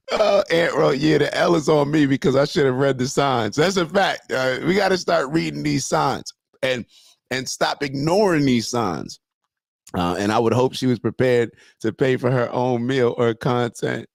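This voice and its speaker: Gravelly man hosting a casual reaction show. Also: medium pitch, normal speed, no echo, studio quality. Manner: loose, slangy, talks straight to viewers. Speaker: morning show host. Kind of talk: casual commentary reacting to a clip and reading chat comments.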